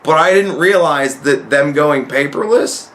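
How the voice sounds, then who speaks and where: A young man telling a profane, animated story to camera in a casual rant, his voice climbing when he relives his anger. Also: a little high, unhurried. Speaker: vlogger.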